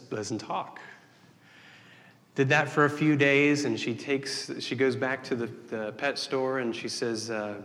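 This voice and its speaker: Folksy pastor in a reverberant hall. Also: male voice, mid-range voice, a bit bright. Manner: folksy joke-telling, many restarts. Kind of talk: sermon.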